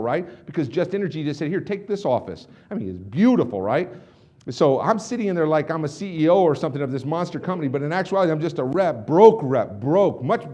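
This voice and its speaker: A middle-aged man giving an intense storytelling speech as a motivational speaker, swinging between hushed confessions and loud outbursts. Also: fairly high pitch.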